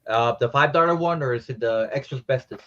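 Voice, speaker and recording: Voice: mid-range voice, fast talker, a bit bright. Playful co-host, dull lo-fi audio. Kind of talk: casual chat.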